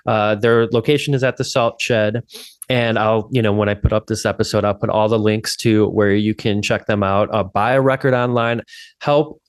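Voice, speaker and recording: A man's voice: fairly low pitch, fairly even intonation, moderate pace, clean tone, dry recording. A man hosting a podcast, talking in a casual, earnest, rambling way. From Chicago area. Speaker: podcast host.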